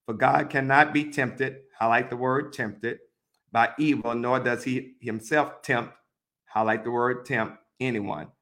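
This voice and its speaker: A man's voice: medium pitch, fairly even intonation, fairly bright tone. Methodical man leading Bible study. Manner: methodical, repeats instructions to mark the text; reads scripture aloud then pauses to direct. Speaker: Bible teacher.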